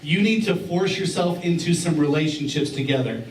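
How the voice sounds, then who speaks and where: A middle-aged pastor preaching in a relaxed, joking manner, repeating his key words for emphasis. His voice sits high for a man. It is heard from a little way off in a roomy church with faint background hum. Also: normal speed. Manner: conversational and joking, with repeated phrases. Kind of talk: sermon. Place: church sanctuary. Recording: roomy church sound from a distance.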